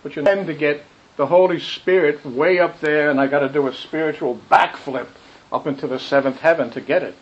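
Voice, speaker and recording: A man giving a rambling, animated spiritual talk, telling stories with quick asides. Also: on the high side. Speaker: spiritual teacher. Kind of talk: dharma talk with questions. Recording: muffled lo-fi recording with faint noise.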